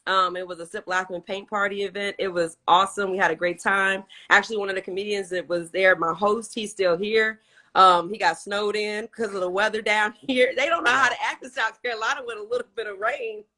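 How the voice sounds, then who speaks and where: A woman hosting a casual online interview over a video call, animated and chatty, laughing often. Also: medium pitch, a little fast. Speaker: host.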